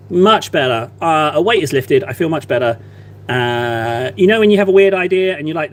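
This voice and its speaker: Slightly high, teasing male streamer. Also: expressive, fairly quick. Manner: playful, teasing, mock-innocent banter with chat. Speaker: streamer painting miniatures. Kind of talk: casual live-stream chat while painting. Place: at a desk, painting.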